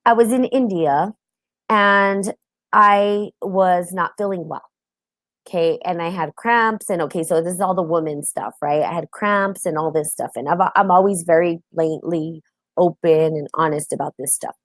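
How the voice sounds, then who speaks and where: A woman's voice: lowish voice, moderate pace, no room sound. A woman from the United States hosting a live stream, talking openly and casually and greeting viewers by name. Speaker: host.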